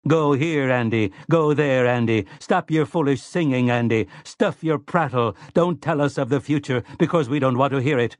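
A man's voice: medium pitch, moderate pace, hardly any pauses, no room sound, clean studio sound, voice pushed up, lightly acted. A man voicing a prissy, complacent male robot servant in an audiobook, talking in a silky, fussy, self-satisfied way. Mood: resentful. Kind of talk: audiobook character voice.

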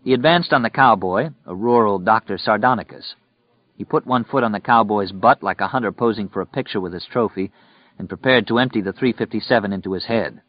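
With a voice on the low side, a man reads a story aloud as an audiobook narrator, his scripted delivery steady and measured. There's no room sound, and the recording quality is dull and lo-fi.

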